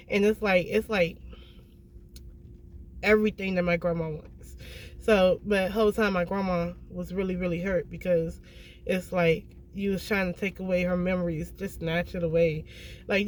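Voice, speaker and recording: Brief: outspoken tarot reader, mid-pitched voice, blunt and profane, faint room hum behind. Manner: blunt and emphatic, swears freely; keeps checking in with "okay?". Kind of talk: casual tarot reading to viewers.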